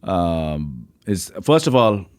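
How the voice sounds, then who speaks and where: Low-voiced Indian-accented man telling stories. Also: very animated, slow, no echo, clean studio sound. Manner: rambling, filler-heavy, with lots of "like, you know". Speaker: stand-up comedian, podcast guest. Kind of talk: casual storytelling chat.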